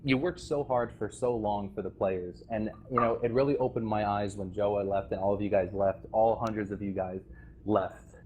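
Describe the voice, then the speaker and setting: A man's voice: lowish voice, steady tone, moderate pace, a little mellow, highs cut off, slight background noise. Aggrieved rambling man on voice chat. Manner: rambling and aggrieved, with restarts and nervous laughs. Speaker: former game server staff member addressing players. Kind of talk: impassioned voice-chat speech. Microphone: voice chat microphone.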